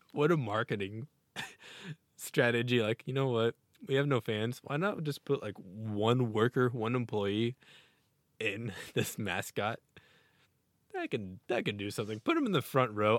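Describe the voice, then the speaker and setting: A man chatting casually on a podcast, his voice sitting a little low. He rambles excitedly and often breaks into laughter. The recording is dry and close, with no room sound. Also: no echo. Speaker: podcast co-host. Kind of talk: casual sports chat.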